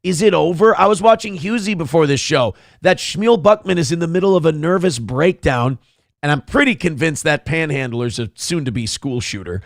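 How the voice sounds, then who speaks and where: A man's voice: a little high, expressive, normal speed, no room sound, clean studio sound. A man hosting a live stream, ranting profanely and sarcastically while reading the chat. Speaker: live show host.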